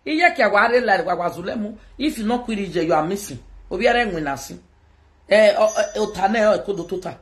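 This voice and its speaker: Woman, Nigerian accent, livestream chatter, teasing, sing-song hawking calls, very lively pitch. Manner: sing-song hawking calls, switches between Pidgin and Yoruba; teasing, talks to viewers. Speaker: social media live streamer.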